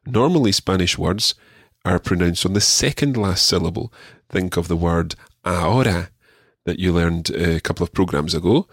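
Man, deep voice, slightly husky, patient teacher, encouraging, dry close sound. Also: no room sound. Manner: patient, encouraging, repeats words slowly. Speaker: language teacher. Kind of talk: radio language lesson.

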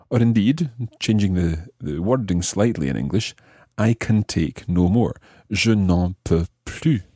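A man hosting a language podcast, explaining phrases patiently and slowing down to model them. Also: lowish voice, dark tone, slightly rough, dry recording, studio quality. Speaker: language teacher and podcast host. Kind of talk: explanatory lesson narration.

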